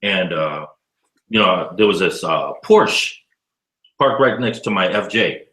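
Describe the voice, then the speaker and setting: Man, 50s, expressive, bright tone, roomy echo, casual cursing storyteller. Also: deep voice, slow pace. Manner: animated, profane storyteller acting out dialogue. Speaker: interviewee, educator living abroad.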